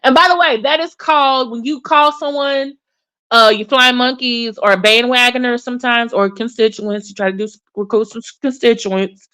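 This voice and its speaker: Bright-voiced woman in chatty commentary. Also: fairly high pitch, normal speed, smooth. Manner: animated, chatty, full of fillers and restarts; addresses viewers in chat by name. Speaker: commentary channel host. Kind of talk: casual livestream commentary.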